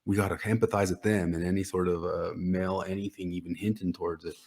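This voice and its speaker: A man's voice: low voice, level tone, quick pace, darkish tone. A man in casual podcast conversation, opinionated and drawing comparisons, chuckling as he talks. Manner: opinionated, drawing parallels, chuckles mid-sentence. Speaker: podcast co-host.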